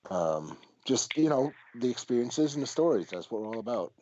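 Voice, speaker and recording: A man's voice: medium pitch, sing-song, moderate pace, a little mellow, a little hiss or hum. A man hosting a podcast in casual chat, talking bluntly with plenty of swearing and rambling asides. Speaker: podcast host. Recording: dull lo-fi audio.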